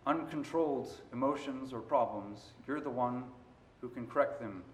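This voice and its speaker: A man preaching a sermon, moving between quiet stretches and loud, emphatic passages. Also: medium pitch, normal speed, a little hiss or hum. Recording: roomy echo.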